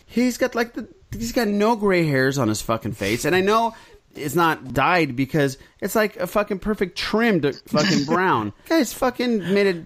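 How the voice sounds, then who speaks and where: A man's voice: high-pitched, very animated, moderate pace, a bit bright. A man from California hosting a podcast, chatting with enthusiasm and plenty of swearing. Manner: enthusiastic, profane. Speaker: podcast host. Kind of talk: casual podcast chat.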